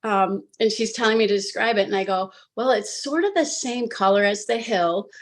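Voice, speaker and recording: A woman's voice: medium pitch, normal speed. A woman recounting her own hypnosis session in casual, filler-heavy storytelling on a video call, acting out what she said. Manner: animated, filler-heavy retelling with acted quotes of herself. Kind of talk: casual storytelling on a live panel.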